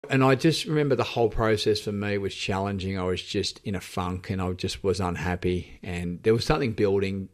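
A low-pitched Australian man speaks as a podcast guest. His telling is candid and reflective, and he often breaks off and restarts mid-thought. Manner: reflective, halting, with frequent restarts. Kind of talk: candid personal storytelling.

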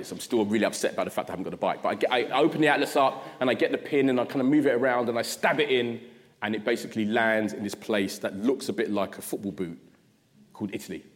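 A man, giving an animated, humorous storytelling address. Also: fairly low pitch, quick pace. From South London. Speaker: guest speaker. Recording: long hall reverb.

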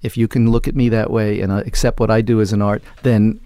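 A man's voice: fairly low pitch, little pitch movement, fast talker, mellow, smooth, dry recording. A man telling a long anecdote in an interview, acting out quoted lines in other voices. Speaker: interview guest. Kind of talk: conversational storytelling.

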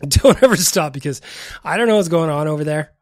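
A man hosts a casual podcast and reacts to listener voicemails. His voice sits a little high and sounds dry and close to the mic. He talks loosely, laughs easily, swears, and piles on grateful thanks. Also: expressive, brisk, no echo. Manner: profane, laughing, effusively grateful. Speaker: podcast host.

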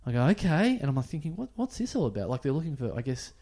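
A man's voice: a little high, big pitch swings, very fast, warm tone. A man, co-hosting a podcast and telling a rambling anecdote in casual chat, acting out bits of dialogue. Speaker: podcast co-host.

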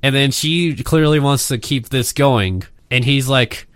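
This man co-hosts a casual movie podcast and mostly adds short, blunt opinions. His voice sits in an ordinary middle pitch. The recording is dry and close, with no echo. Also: unhurried, fairly bright tone. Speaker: podcast co-host. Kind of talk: casual film-discussion podcast.

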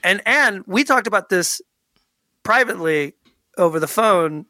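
A man's voice: high-pitched, unhurried, dry recording. A man co-hosting a casual sports podcast, ranting with lots of restarts and stammers. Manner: animated, ranting, frequent restarts. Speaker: podcast co-host.

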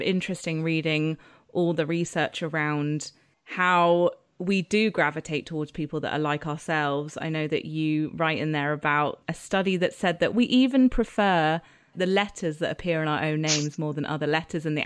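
A woman's voice: low-pitched, dry recording, studio quality. A woman interviewing an author in a chatty, slightly hesitant way with asides. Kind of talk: casual interview chat.

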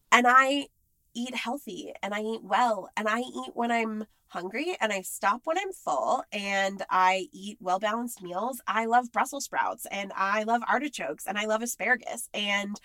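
A woman's voice: mid-range voice, animated, moderate pace, sharp tone, dry recording. A woman talking candidly and with frustration in a casual monologue, emphatic and blunt.

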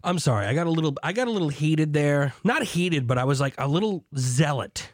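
Male solo beer podcast host, fired up and foul-mouthed, high bouncy voice, dry close mic. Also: lively intonation, a little fast, no room sound. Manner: hyped, swings between shouting and low asides; swears, mock preacher zeal. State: drinking beer while talking. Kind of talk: excited solo podcast monologue.

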